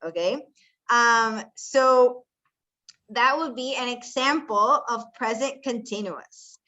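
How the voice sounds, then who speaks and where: This woman is an ESL teacher giving a bilingual class: she switches between Spanish and English, walks students through each step patiently, and asks them questions. Her high voice sounds pushed and bright.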